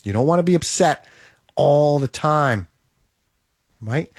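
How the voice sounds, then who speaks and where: A man's voice: on the high side, animated, slow, darkish tone, no room sound, clean studio sound. A man giving an emphatic, repetitive motivational monologue, coaching the listener.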